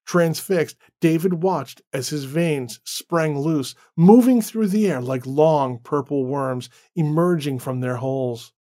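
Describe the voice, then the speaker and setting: A man narrating a horror story in a measured, dramatic way. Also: a little high, mellow.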